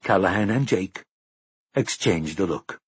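Man narrating an audiobook, low husky voice, measured, dry close sound. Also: expressive, dry recording. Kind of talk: scripted narration.

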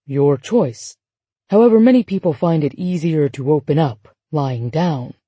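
A calm, kind older male psychoanalyst, as a woman narrator puts him on, speaking in a low, slow, dark and husky voice. He sounds measured and gentle. The recording is dry and close. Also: no echo, full character voice. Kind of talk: audiobook narration.

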